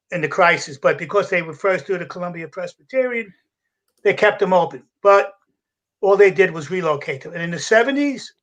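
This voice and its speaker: An older man, a retired fire captain telling gruff, animated stories as a podcast guest. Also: high-pitched. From United States. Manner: animated storyteller with a gruff, salty edge, acting out voices and laughing. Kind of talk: casual storytelling.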